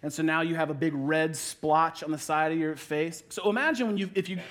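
A man in his thirties preaching a sermon, playful and storytelling, acting out little everyday scenes with quick asides. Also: fairly high pitch, a bit bright. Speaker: pastor.

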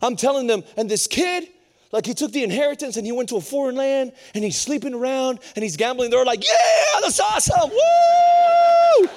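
A young adult man preaching a storytelling sermon, animated and acting out the voices of people in his story. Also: very high-pitched, quick pace, slight background noise. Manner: animated, acts out voices of others.

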